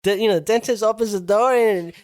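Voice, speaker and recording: A man's voice: high-pitched, fast talker, a little mellow. A man co-hosting a podcast, retelling horror movie scenes in loose, profane slang and acting out the characters' lines. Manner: rambling, slangy, acts out quotes in raised voice. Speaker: podcast co-host. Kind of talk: casual profane chat.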